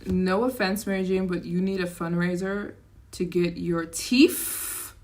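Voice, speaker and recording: Talking slowly, a young woman with a somewhat low voice runs a casual livestream of her own. As comments come in she reacts to them, becoming animated and excited.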